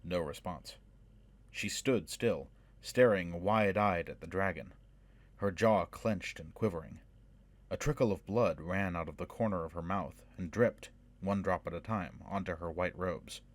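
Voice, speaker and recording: Man narrating a fantasy audiobook, low and dry. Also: no room sound. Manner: measured, dramatic storytelling. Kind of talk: scripted narration.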